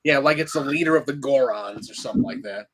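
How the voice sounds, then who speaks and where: A man's voice: medium pitch, fast, poor audio. A man co-hosting a live podcast, chatting casually and laughing often. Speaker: podcast co-host. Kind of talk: casual chat.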